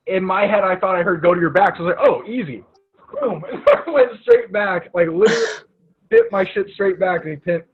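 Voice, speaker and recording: A man's voice: sits high, sing-song, a little fast, husky. A young man hosting a casual podcast, telling rambling stories and laughing at himself. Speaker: podcast host. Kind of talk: casual chat. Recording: tinny phone-like sound.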